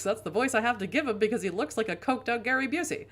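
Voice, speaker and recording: A woman's voice: a little high, lively intonation, fast, a bit bright. A woman from Boston, a streamer, chatting casually with rambling asides while reading a game aloud. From Boston, USA.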